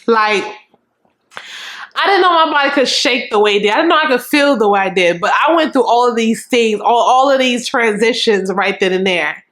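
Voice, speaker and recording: Young woman vlogger, slightly high voice, super animated storytelling, swears a lot. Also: normal speed. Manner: animated, frank and profane, acts out quotes. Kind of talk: casual storytime.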